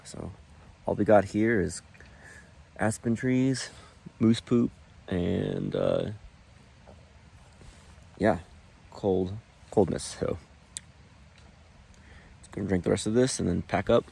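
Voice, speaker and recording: A man talking casually to the camera while backpacking outdoors, rambling and relaxed. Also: sits low, vocal fry, breathy edge. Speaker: vlogger on a backpacking trip. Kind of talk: casual trail vlog. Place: outdoors in the mountains.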